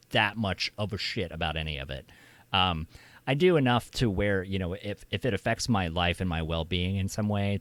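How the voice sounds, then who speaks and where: A man with a deep voice, recorded with no echo, hosts a casual stream chat. As a streamer host he rambles, leaning heavily on fillers and frequently restarting his thoughts.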